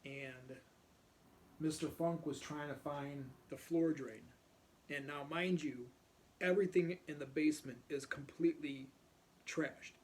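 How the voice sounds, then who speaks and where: A man recounts old neighborhood tales in a loose, rambling storytelling style, his voice sitting a little high for a man. He keeps stopping to clear his throat between thoughts. A faint hiss of noise sits under the recording. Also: steady tone, unhurried, darkish tone. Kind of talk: casual anecdotal storytelling.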